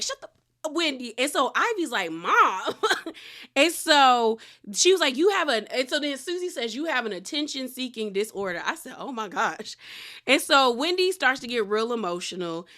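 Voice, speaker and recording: A woman recapping a reality show in casual, animated commentary, acting out the quotes. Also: a little high.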